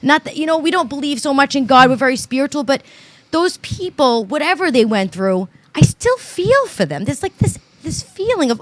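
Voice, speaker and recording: A woman's voice: sits high, big pitch swings, normal speed, no room sound. A woman in her thirties co-hosting a casual chat, talking emphatically and earnestly with some swearing. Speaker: podcast co-host.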